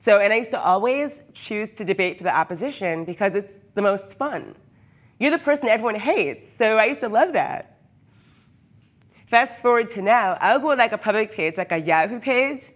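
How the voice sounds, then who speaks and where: A woman's voice: medium pitch, animated, normal speed. A hyper, chatty woman who often laughs, talking casually with her live viewers from her workshop. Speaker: cosplayer streaming live. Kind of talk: casual livestream chat with viewers.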